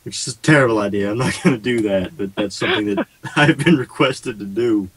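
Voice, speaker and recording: A man's voice: on the low side, fairly quick, low-quality recording. A man, a game developer guest, talking casually on an internet radio interview and explaining at length.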